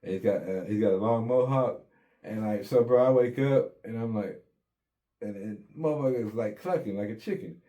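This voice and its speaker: A man's voice: lowish voice, brisk, mellow. A man casually telling his own story in an interview, in laid-back street slang with plenty of swearing, acting out what people said.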